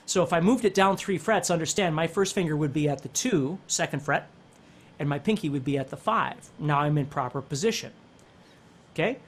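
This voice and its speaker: A man's voice: a little high, a little fast, slight background noise. A man giving a casual guitar lesson, explaining step by step and checking in with the viewer as he goes. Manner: explanatory, checks in with "okay?" and "right?". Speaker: guitar instructor. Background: guitar playing.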